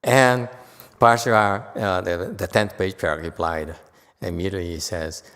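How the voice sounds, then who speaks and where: A man with a low, smooth, fairly bright voice speaks at normal speed while teaching a Buddhist dharma lecture. He's chatty and joking, frequently checking in with the audience by asking "okay?" and tossing in joking asides. Recorded in a temple lecture hall, the sound has long hall reverb.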